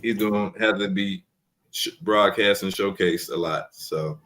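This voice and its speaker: A man with a very low voice talks casually over a video call. He walks through how his snakes breed step by step, circling back and repeating himself as he explains. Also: fairly even intonation, measured pace, fairly bright tone, a little hiss or hum. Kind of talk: casual show-and-tell chat.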